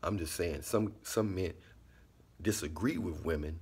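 Man, low husky voice, relaxed repetitive monologue. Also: a little slow. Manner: laid-back, repetitive, drops into quiet asides. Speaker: vlogger giving life commentary. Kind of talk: casual monologue.

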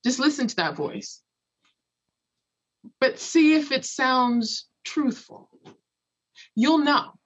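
A woman's voice: sits high, slow pace, long pauses, a bit bright, highs cut off. A woman from Los Angeles, a podcast guest and author, giving a motivational talk in an earnest, emphatic way and repeating key phrases. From Los Angeles, United States. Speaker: guest, author and former math professor.

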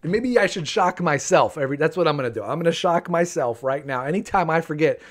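A man's voice: fairly high pitch, lively intonation, fast talker. A man in his thirties hosting a live game stream from home, playful and chatty, often repeating himself and laughing, speaking into a desk microphone. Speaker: livestream gaming host. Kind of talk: live gameplay commentary. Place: home room.

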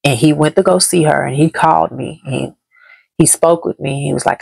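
Grieving woman with a gravelly voice. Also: sits low, normal speed, darkish tone, no echo. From Dallas, Texas. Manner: heavy, repetitive, grief-laden retelling. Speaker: vlogger. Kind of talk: emotional story time.

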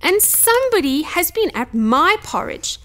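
A woman voicing a tiny baby bear with a thin, squeaky voice in a storybook reading. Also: big pitch swings, measured pace, a bit bright, full character voice. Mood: upset.

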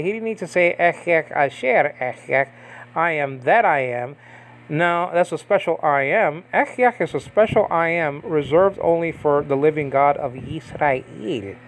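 A man with a fairly high voice teaches in a relaxed, chatty way, stopping often to ask if the listener is following. He reads from a screen as he goes, pausing and restarting mid-sentence. He speaks close to a desk mic, and the lesson never sounds scripted. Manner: conversational, checks in with frequent "okay?" and "you understand?"; pauses and restarts while reading text aloud from a screen. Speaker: Bible teacher. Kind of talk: casual Bible language lesson.

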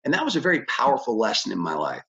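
A man's voice: huge pitch swings, racing, creaky, pushed and bright. Man telling a lesson over dull audio. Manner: conversational, acts out dialogue with big pitch jumps. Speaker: business coach. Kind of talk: motivational storytelling lecture.

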